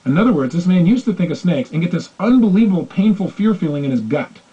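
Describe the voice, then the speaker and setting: A male motivational speaker who tells stories quickly and keeps his pitch swinging widely. His husky, mellow voice comes through a dull, lo-fi recording. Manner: animated, acts out quoted voices. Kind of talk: motivational storytelling talk.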